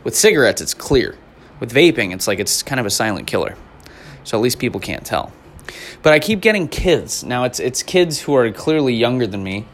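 A man's voice: medium pitch, sing-song, moderate pace, fairly bright tone, a little hiss or hum. A man in his twenties delivering a profane, rambling stand-up rant in an exasperated tone. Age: 20s. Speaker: comedian.

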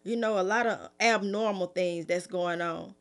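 Middle-aged woman preacher, easygoing and conversational. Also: normal speed. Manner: fervent, pleading, raised pitch at first; relaxed conversational afterword. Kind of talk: prophetic sermon, then casual talk.

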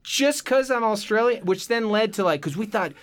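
A man's voice: high voice, moderate pace, a little hiss or hum. A man guesting on a podcast about voice acting, telling anecdotes in casual chat and acting out quotes in different voices. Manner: animated storyteller, acts out quotes in voices. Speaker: guest voice actor.

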